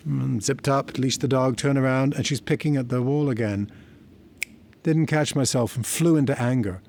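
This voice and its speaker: A man's voice: mid-range voice, moderate pace, creaky, darkish tone, slight background noise. Middle-aged male teacher, reflective and conversational, story-driven explainer. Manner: reflective, conversational, tells personal stories. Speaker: therapy teacher. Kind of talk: explanatory talk to camera.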